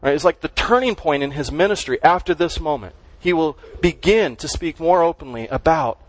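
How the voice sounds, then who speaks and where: A man's voice: a little high, lively intonation, moderate pace, no echo, poor audio. A man preaching a sermon as pastor, conversational and emphatic, full of rhetorical questions.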